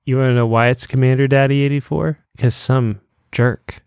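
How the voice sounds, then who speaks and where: A man co-hosting a book podcast in relaxed, wry casual chat. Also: mid-range voice, normal speed, clean tone, dry recording, clean studio sound. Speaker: podcast co-host.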